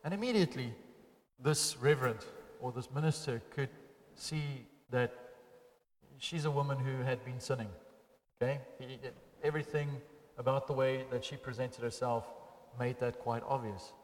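A man preaching a sermon to his congregation, swinging between loud, emphatic passages and quiet, intimate ones. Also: mid-range voice, normal speed, pauses often. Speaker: pastor. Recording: long hall reverb.

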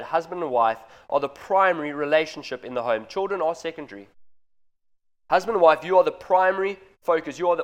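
A man in his thirties preaches a sermon to his congregation, earnest and direct, pressing home every point as he speaks to the parents. His voice sits a little higher than most men's.

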